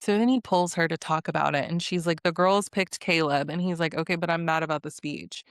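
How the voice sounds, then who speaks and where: Woman, casual recap, sassy asides, slightly low pitch, dry sound. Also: a little fast, no echo. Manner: sassy, laughing asides, blunt opinions. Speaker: recap vlogger. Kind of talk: casual reality-show recap.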